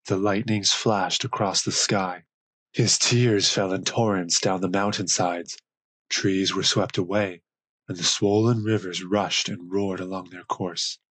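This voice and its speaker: A man reads a myth audiobook in a measured, solemn way, taking his time over every phrase. His voice is low and husky, recorded dry and close. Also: fairly bright tone, no echo, rough recording. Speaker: audiobook narrator. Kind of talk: scripted narration.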